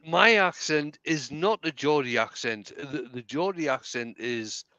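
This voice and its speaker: Man, County Durham accent, chatty, bright, smooth. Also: a little high, animated, unhurried, no echo. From County Durham, England. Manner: chatty, laughing, repeats words. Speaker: live stream co-host. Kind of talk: casual chat.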